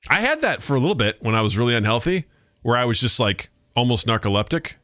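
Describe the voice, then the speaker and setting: Animated man telling stories. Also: quick pace, no echo, clean studio sound. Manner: animated storyteller, acts out quotes in high voices, laughs often. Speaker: podcast co-host. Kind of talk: casual chat.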